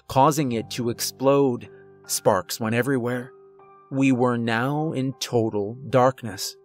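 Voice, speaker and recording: A man reading a first-person horror story aloud, with a measured, slow, dramatic delivery. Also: mid-range voice. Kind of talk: scripted horror narration.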